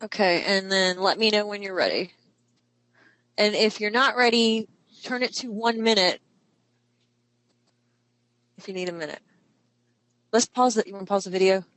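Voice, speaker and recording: A woman's voice: medium pitch, moderate pace, long pauses, a bit bright, no echo, rough recording. Bubbly woman moderating a class, dry sound. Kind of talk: live online class moderation.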